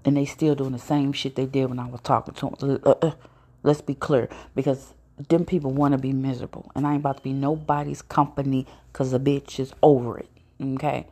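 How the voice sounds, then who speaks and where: A woman's voice: very deep voice, flat delivery, brisk, warm tone. A woman hosting her own podcast, telling personal stories in a blunt, profane, casual monologue. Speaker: podcast host.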